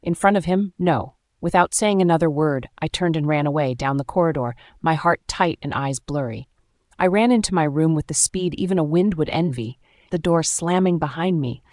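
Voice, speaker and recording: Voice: mid-range voice, normal speed, a little mellow, no room sound, studio quality. A narrator reading a first-person romance story aloud with dramatic, emotional delivery.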